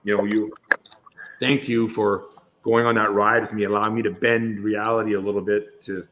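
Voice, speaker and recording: At normal speed, a man speaks in a level tone, his fairly low voice a bit bright. He's a guest actor on a podcast having a casual interview chat, rambling through long stories and frequently starting over.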